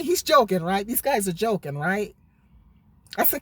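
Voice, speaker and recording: A woman's voice: medium pitch, very animated, normal speed, a bit bright, no echo. Woman vlogger, heated sarcastic rant, stumbles over words, dry close sound in a parked car. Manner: indignant, sarcastic, stammers and repeats words. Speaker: vlogger responding to comments. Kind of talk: ranting commentary vlog. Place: parked car in a parking lot.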